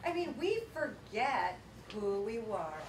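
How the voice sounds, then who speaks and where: A woman giving a motivational workshop talk to a live audience, telling stories in a lively, chatty way with frequent laughter. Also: a little high, slow. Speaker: workshop presenter. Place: event room with a seated audience. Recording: echoey room, voice from far off, background noise.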